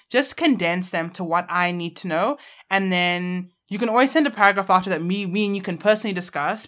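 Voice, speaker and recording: A woman's voice: mid-range voice, fairly bright tone. Young woman cohosting a chat podcast, blunt and playful, swears a lot, mid voice. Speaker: podcast co-host. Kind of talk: casual chat.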